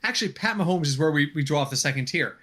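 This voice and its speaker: A man hosting a casual sports podcast, steering the talk with questions in an animated way. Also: on the high side, fast. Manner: animated, leads the discussion with questions. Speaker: podcast host. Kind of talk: casual fantasy football chat.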